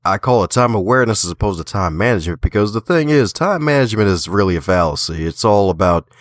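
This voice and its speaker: Deep-voiced upbeat man with slight Southern twang. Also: very animated, fast, no room sound, studio quality. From Baltimore. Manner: upbeat, laughs often, folksy asides. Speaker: guest author and podcaster. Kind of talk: casual interview talk.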